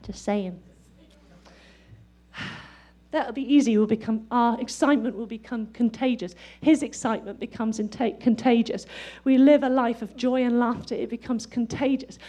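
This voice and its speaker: A middle-aged woman preaching a sermon, lively and excitable, often breaking into laughter. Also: a little high, normal speed.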